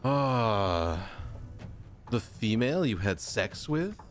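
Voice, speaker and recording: A man's voice: fairly low pitch, sing-song, slow, soft background music. A young man giving casual, jokey commentary while streaming a game, mock-angry and full of silly made-up words.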